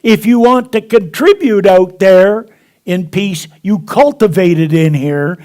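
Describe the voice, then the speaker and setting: His voice sits high and is a little mellow, moving at a measured pace. Preaching a sermon to a congregation at a spiritual center, this minister tells stories, performs the characters' dialogue, and chuckles as he goes.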